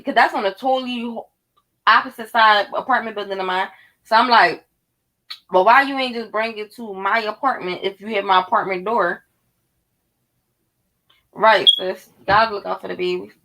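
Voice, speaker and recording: A woman in her thirties from North Philadelphia with a Philly accent, telling a story to her viewers in a casual, animated, profane way. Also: mid-range voice, normal speed, long pauses, rough recording. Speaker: vlogger.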